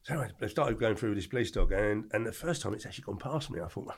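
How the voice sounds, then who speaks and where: This older Englishman, a former doorman appearing as a podcast guest, has a gravelly, fairly low voice and tells his story quickly. Chatting casually in the interview, he slips into other people's voices as the tale unfolds, staying lively and animated the whole way.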